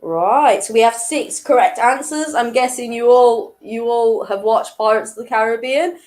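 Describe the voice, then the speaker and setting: A woman hosting an online weekly quiz, chatty and laughing at her own jokes, reading each question twice slowly and clearly. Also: a little high, darkish tone. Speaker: quiz host.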